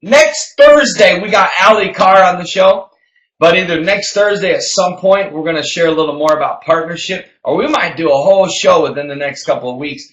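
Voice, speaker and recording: Man, business show co-host, preachy emphatic delivery, bright and forceful, slightly high voice, roomy echo. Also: a little fast, slight background noise. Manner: emphatic, preachy, repeats phrases for effect. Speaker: podcast co-host. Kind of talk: motivational business talk.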